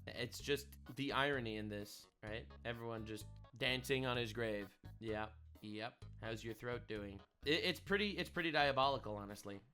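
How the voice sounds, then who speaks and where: A man's voice: mid-range voice, normal speed, sharp tone, soft background music. A man giving casual reaction commentary, sarcastic and indignant, often repeating his phrases. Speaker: online commentator.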